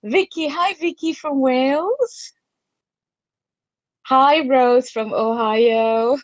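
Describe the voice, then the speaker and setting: A woman's voice: sits high, drawn-out words, no room sound, lo-fi sound. A woman in her fifties from Malaysia, a psychic artist chatting casually on a livestream and greeting viewers by name with frequent laughs. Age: 50s.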